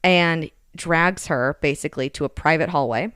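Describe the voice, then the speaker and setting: A woman's voice: deep voice, moderate pace, smooth, dry recording, clean studio sound. A woman co-hosting a podcast, casually retelling a romance novel's plot and acting out its dialogue. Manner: lively retelling with quoted dialogue. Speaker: podcast co-host summarizing a book. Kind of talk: casual chat.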